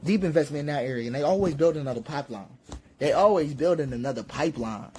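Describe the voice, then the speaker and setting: A man's voice: on the high side, lively intonation, fast talker, warm tone, a little hiss or hum. A man giving impassioned spoken commentary, preachy and repetitive, with rhetorical questions and emphatic peaks.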